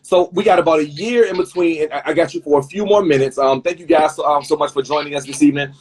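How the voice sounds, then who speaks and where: This interview host has a voice on the high side, fairly flat in intonation, and fast. On a live video call, he's talkative and tends to repeat words as he rephrases what he's asking. The sound is husky and drops out.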